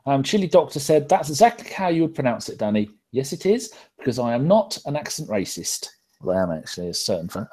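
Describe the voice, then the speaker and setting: A man's voice: medium pitch, expressive, quick pace, mellow. A man hosting a live podcast, reading out viewer comments in a loose, casual way and swearing freely. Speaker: podcast host reading chat. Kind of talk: casual live-stream chat.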